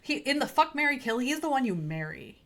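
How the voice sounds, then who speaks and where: A woman's voice: high voice, big pitch swings, a little fast, a bit bright. A woman co-hosting a podcast, eagerly retelling film scenes step by step in casual chat. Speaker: podcast co-host.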